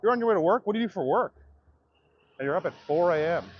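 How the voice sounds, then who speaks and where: Man ranting, slightly high, lo-fi. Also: lively intonation, fast talker, a little hiss or hum. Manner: profane, ranting, talks to viewers directly. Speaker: comedian livestreamer. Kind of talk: livestream rant to chat. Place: outdoors.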